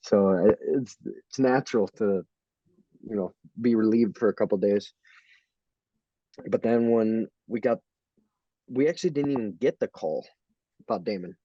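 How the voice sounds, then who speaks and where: A man's voice: fairly low pitch, no echo, dull audio. A young man in a casual interview, laughing and acting out quotes as he tells stories. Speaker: fighter.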